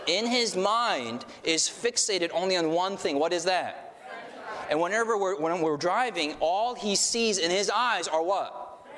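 A man's voice: high voice, a little slow. A man preaching a sermon in a church hall, asking the crowd to repeat words back, with many stumbling restarts. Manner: call-and-response, stumbling restarts. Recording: long hall reverb.

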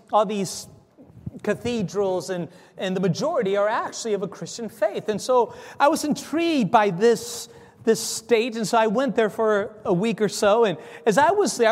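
A man telling a story in a sermon, animated, acting out dialogue, with frequent stammering restarts. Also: extremely high pitch, big-room sound. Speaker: preacher. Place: church.

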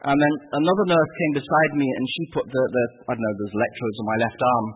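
An Englishman telling a personal story in a halting, vivid way, with many fillers and restarts. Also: medium pitch, a little hiss or hum. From England. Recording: tinny phone-like radio sound.

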